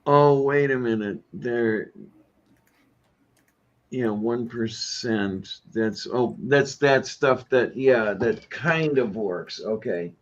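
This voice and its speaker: Slow-talking man on a dull recording. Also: medium pitch. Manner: slow, musing, mutters to himself. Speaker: podcast co-host. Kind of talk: casual chat.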